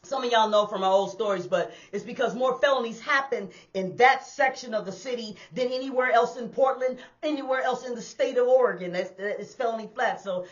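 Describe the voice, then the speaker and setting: A woman who used to drive buses tells a personal street story in a casual, animated way, talking straight to her listeners and acting out the sounds. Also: a little high, fairly quick, few pauses, highs cut off. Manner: animated, addresses listeners as y'all, acts out sounds. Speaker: storyteller and former bus driver. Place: indoors on a hot day.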